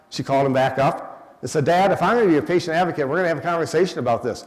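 An older man giving a public talk as guest speaker, animated, acting out the people he quotes. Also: fairly high pitch, racing, in a large hall. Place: event hall.

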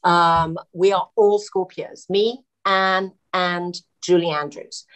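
Middle-aged woman, actress guest on a podcast, lively anecdotal storyteller. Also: fairly low pitch, slow. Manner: chatty anecdotal storyteller, laughs often. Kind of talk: casual podcast interview.

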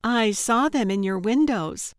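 A sugary, sing-song female kidnapper, voiced by a woman reading a storybook. Her voice rides high and bubbly, tittering and sweetly menacing, with a close, dry sound and no room around it. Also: animated, a little slow, dry recording. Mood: sugary, chirpy. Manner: chirpy and overly friendly, tittering. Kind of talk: audiobook character voice.

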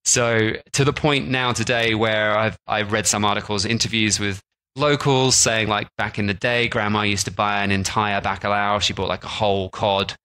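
Bright-toned man chatting casually. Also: fairly low pitch, steady tone, normal speed, clean tone, low-quality recording. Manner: chatty, lots of "like" and restarts. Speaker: podcast co-host. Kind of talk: casual chat.

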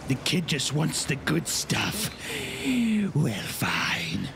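An actor playing a scheming cartoon card dealer in a parody dub, with a theatrical, drawn-out delivery. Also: male voice, medium pitch, very animated, vocal fry, over music, heavily acted.

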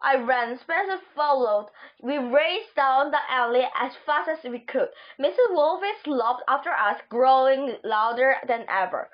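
A woman reading a children's book aloud, halting and stumbling over words. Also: sits high. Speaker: audiobook reader. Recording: dull lo-fi recording.

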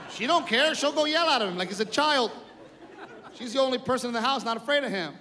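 A man performing a stand-up comedy set, telling family stories in an animated way and yelling out the punchlines. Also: extremely high pitch, a little fast, crowd noise. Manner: loud animated storytelling, yells while acting out his family. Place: comedy club stage. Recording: echoey club with audience and noise. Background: audience laughter.

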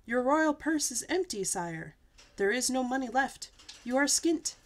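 A woman's voice: sits high, animated, measured pace, pitched above the performer's own voice. Lady doing a prim little palace purser guy, fussy and gloomy, storybook voice.

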